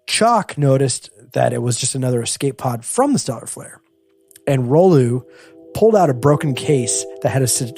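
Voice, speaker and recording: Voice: mid-range voice, dark tone. A game master giving a casual, joking recap of a tabletop game.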